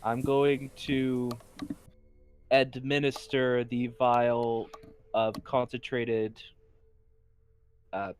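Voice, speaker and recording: A man's voice: mid-range voice, flat delivery, extremely slow, long pauses, slight background noise. A man playing a tabletop game in a matter-of-fact way with dry humor. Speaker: player.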